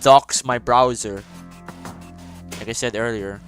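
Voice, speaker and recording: A man's voice: medium pitch, fairly even intonation, slow pace, fairly bright tone, soft background music. A man hosting a casual gaming stream, ranting profanely and emphatically while losing his voice. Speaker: streamer host.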